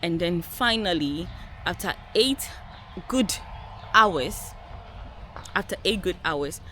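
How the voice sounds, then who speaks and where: A woman's voice: lowish voice, expressive, slow, sharp tone, a little hiss or hum. A woman vlogger telling a personal story to her viewers in an emphatic way, repeating key words and calling them guys.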